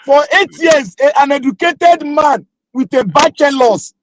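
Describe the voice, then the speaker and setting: A man's voice: very high-pitched, animated, a little slow, dry recording, low-quality recording. A man speaking Nigerian Pidgin English in a heated political chat, arguing his point with rhetorical questions. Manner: argumentative, asks rhetorical questions.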